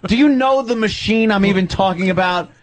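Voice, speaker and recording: A man trades profane jokes and laughs easily, often chiming in with agreement. His voice sits fairly high. Faint noise hums under the recording. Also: brisk. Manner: laughs a lot, chimes in with agreement. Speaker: podcast co-host. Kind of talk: casual profane banter.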